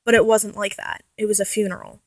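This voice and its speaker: A woman's voice: medium pitch, flat delivery, a little fast, no echo. A young woman vlogging casually about her life, rambling and often correcting herself as she talks. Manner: rambling, restarts and self-corrections, chatty. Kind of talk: casual personal vlog.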